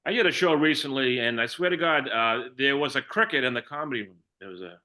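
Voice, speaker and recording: An older man from Massachusetts with a Boston accent, doing a stand-up comedy set of deadpan one-liners, full of fillers and restarts. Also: mid-range voice, fast. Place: online comedy show.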